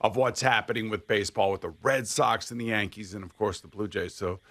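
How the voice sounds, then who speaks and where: Gravelly low-voiced male sports radio host. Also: steady tone, fairly quick, a bit bright. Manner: meandering anecdote-telling with stop-start hesitations. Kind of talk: casual sports talk banter. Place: radio studio.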